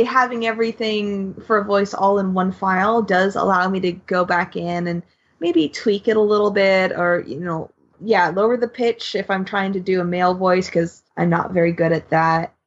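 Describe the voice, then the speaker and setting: Woman co-host, husky voice, lo-fi sound, chatty and self-deprecating. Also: mid-range voice. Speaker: podcast co-host. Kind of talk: casual podcast chat.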